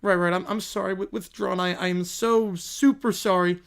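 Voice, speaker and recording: A man's voice: sits high, fairly even intonation, normal speed, vocal fry, clear, resonant tone. A man playing a bumbling, endlessly apologetic defense lawyer in a comedy courtroom sketch, stammering and nervous.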